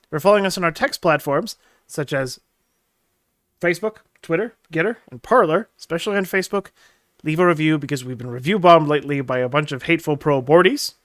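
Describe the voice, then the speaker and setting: A man's voice: on the high side, fairly quick, fairly bright tone, no echo. Dry-sounding joking male podcast host. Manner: joking, laughs often, acts out quotes. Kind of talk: casual political chat.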